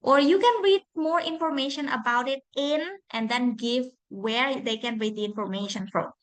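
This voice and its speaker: A woman English lecturer with an Indonesian accent, teaching presentation phrases in an online lesson, deliberate and repeating each example. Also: fairly high pitch.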